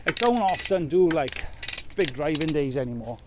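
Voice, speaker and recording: With a slightly high voice and lively intonation, this truck-driving vlogger chats at a moderate pace while loading up outdoors in the rain. He rambles and pokes fun at himself as he works. The loading yard around him is very noisy.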